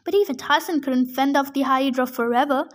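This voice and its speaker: A woman reading a novel chapter aloud for her podcast, eager and a little halting with restarts. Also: sits high.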